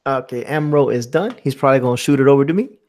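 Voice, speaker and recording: A man's voice: mid-range voice, quick pace, a little mellow. A man hosting a casual live stream, reading viewer comments aloud and laughing often. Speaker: host of a live art hangout.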